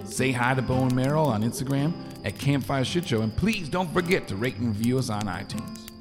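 A man's voice: medium pitch, brisk, lightly acted. A man voicing a friendly adult camp director who reads a scripted outro in a folksy bedtime way. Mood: cheery. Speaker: show announcer. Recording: long reverb over clear music.

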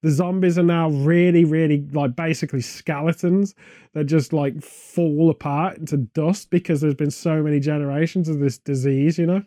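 A man co-hosting a comedic casual chat, rambling through absurd film pitches in an animated and easily exasperated way. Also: normal speed, no echo, studio quality. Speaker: podcast co-host.

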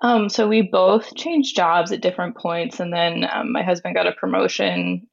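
A woman in her twenties calling in to a radio show, speaking calmly with some hesitation. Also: on the low side, normal speed, creaky, no echo. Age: 20s. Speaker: caller. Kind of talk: phone-in call. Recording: dull phone line.

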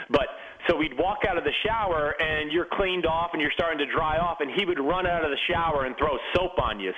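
Animated male storyteller, dull lo-fi sound. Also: on the high side. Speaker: guest, former pro football player. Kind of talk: storytelling in casual chat.

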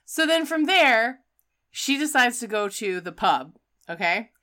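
A woman's voice: a little high, big pitch swings, measured pace, sharp tone. A woman casually recapping a movie, full of "like" and laughter, quoting characters as she goes. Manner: chatty, filler-heavy retelling with quoted voices and laughter. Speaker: podcast co-host recapping a film. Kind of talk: casual chat.

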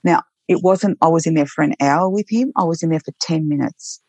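A woman's voice: low voice, a little fast, a little mellow, no room sound. A woman who works as a nurse, telling heartfelt stories from her work in an earnest, reflective way with frequent restarts. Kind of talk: reflective storytelling interview.

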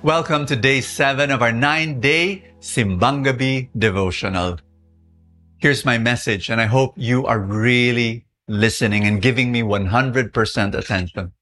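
A middle-aged man with a Filipino accent preaches a devotional message. He tells his story in an animated way, often repeating words and restarting lines for emphasis. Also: mid-range voice, normal speed, faint music behind. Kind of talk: Christmas devotional sermon.

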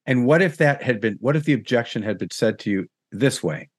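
A man speaking as a guest life coach in a podcast conversation, calm, measured and gently probing. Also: medium pitch, husky, no echo, clean studio sound.

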